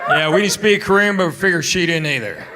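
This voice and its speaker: A man's voice: a little high, animated, quick pace, reverberant. Middle-aged male comedian, laughing theater crowd. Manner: storytelling, quoting voices, working the crowd. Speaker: stand-up comedian. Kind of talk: stand-up comedy set. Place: big theater stage. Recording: live theater, loud crowd noise. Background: audience laughter and applause.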